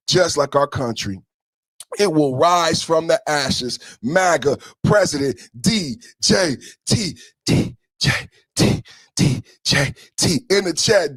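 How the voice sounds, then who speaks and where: Male podcast host, high-pitched, laughing, rapid repeats, dry close mic. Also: dry recording. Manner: laughing, excitable, repeats phrases. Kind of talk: casual reaction commentary.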